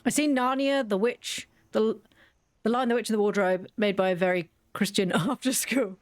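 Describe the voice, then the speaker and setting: A woman's voice: mid-range voice, normal speed. A woman chatting casually while she plays a video game, rambling and often restarting her sentences. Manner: chatty, rambling, self-interrupting. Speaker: gaming channel host. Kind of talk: casual let's-play commentary.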